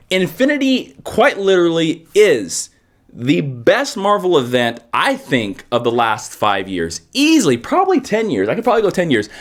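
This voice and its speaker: Male comic reviewer, animated and playful, expressive high-ish voice. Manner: animated, jokey, playful asides. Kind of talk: casual video review.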